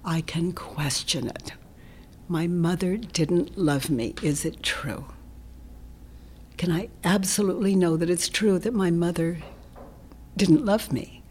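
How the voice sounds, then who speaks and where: Soft-spoken breathy woman, low voice. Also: measured pace, long pauses. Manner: gentle, often dropping into a soft whisper. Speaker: interview guest, self-inquiry teacher. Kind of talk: reflective conversational explanation.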